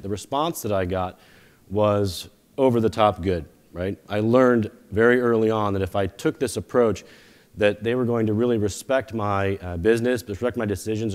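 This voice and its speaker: A fairly low-pitched man with a darkish tone gives a conference keynote as a company founder, addressing a live audience from the stage. He tells stories in a conversational way, often poking fun at himself.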